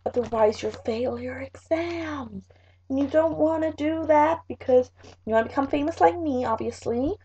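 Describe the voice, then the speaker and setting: High-voiced chatty teen girl. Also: moderate pace, mellow. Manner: chatty, rambling, fillers and "like". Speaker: vlogger. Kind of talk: casual revision vlog. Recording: dull lo-fi webcam audio.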